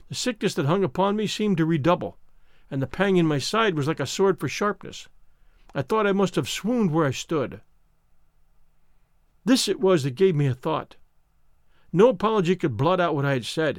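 A man narrating a classic novel in first person with expressive, storytelling delivery. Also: fairly high pitch, moderate pace, no room sound, clean studio sound. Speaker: audiobook narrator.

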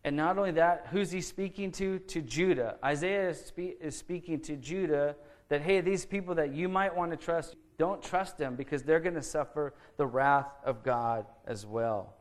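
A man preaching a verse-by-verse sermon as a pastor, reading scripture aloud slowly and then explaining it in a conversational tone with rhetorical questions to the congregation. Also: a little high. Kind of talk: expository sermon.

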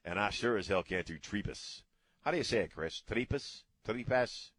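A man's voice: lowish voice, moderate pace, fairly bright tone, dry recording. A middle-aged man hosting a radio talk show, ranting bluntly in a casual way and cursing freely.

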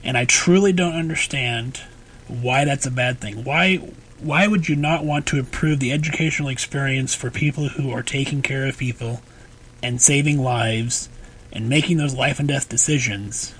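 A man co-hosts a casual podcast in a mid-range, slightly husky voice. He explains things in a measured way and turns to pointed questions when something bothers him. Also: mid-range voice, a bit bright, poor audio. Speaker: podcast co-host.

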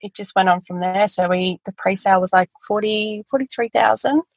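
A woman, a guest telling her business story in a casual interview, animated and quick to laugh. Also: mid-range voice, no echo, low-quality recording. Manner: animated storytelling, quotes family in voices, laughs often. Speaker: guest, photography educator.

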